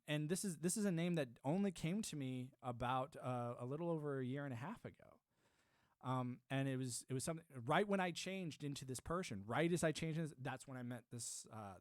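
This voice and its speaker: A man's voice: medium pitch, no echo, clean studio sound. A man from Arizona chatting casually on a livestream, rambling and talking to his viewers. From Arizona, United States. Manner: rambling, chatty, greets chat viewers by name. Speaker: livestream host.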